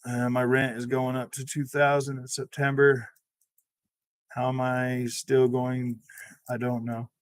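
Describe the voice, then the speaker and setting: A man's voice: mid-range voice, completely flat delivery, unhurried, dry recording. A young man hosting a gaming channel, chatting casually and rambling, with lots of "man" and "dude" and frequent laughs, on a close desk mic. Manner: rambling, loose speech full of "man" and "dude", laughs often. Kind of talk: casual livestream chat.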